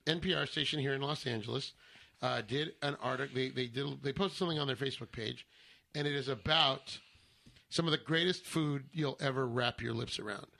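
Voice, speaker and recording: A man's voice: medium pitch, a little fast, vocal fry, sharp tone. A man co-hosting a casual radio talk show, reading news aloud in a mock-formal public radio style. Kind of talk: casual banter. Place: Los Angeles area studio.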